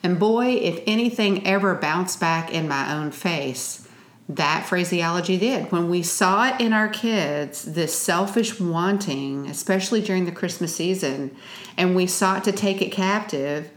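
Lower-voiced woman, earnest teaching. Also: unhurried. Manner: earnest, teaching, scripture-quoting. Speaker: co-host and parenting author. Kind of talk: Christian parenting podcast chat. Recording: roomy echo.

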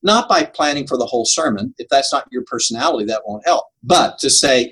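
A man's voice: mid-range voice, lively intonation, brisk, hardly any pauses, fairly bright tone, breathy edge, rough recording. An older man answering interview questions about preaching, earnest and emphatic, laughing at himself now and then. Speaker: preaching coach.

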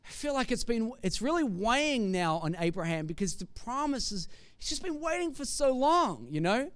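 A man's voice: sits high, expressive, normal speed, fairly bright tone, smooth, dry recording. A man preaching a sermon with conversational, jokey storytelling.

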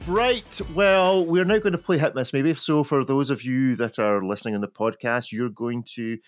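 A man's voice: medium pitch, moderate pace, dry recording, soft background music. Guy hosting a watch podcast panel, chatty and jokey, dry close mic. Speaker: podcast host. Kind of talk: casual panel chat.

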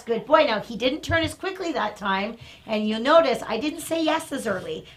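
Woman dog trainer, bright tone, demonstrating outdoors, step-by-step explainer with quick asides to the dog. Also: on the high side. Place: outdoors near a train station.

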